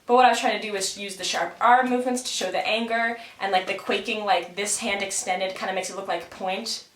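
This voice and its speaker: A woman's voice: medium pitch, fairly even intonation, fairly quick, a bit bright. Young woman student, casual chatty explainer, filler-heavy, roomy camera-mic sound. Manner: chatty, many fillers, thinking aloud. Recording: roomy echoing room.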